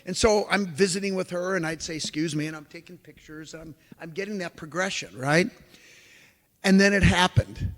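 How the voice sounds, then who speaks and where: A man giving a lecture as an animated storyteller, who acts out the exclamations he quotes. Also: high-pitched, normal speed. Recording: long hall reverb.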